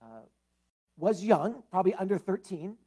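A man's voice: high voice, moderate pace, mellow, breathy edge. A man, the pastor, giving a conversational sermon with prayer and a scripture reading, talking with fillers and casual asides.

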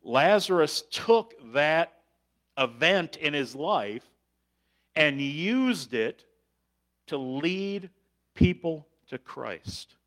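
A middle-aged man preaching a sermon, slow and emphatic, often pausing on fillers and restarting phrases. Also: on the high side, expressive, fairly bright tone. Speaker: pastor.

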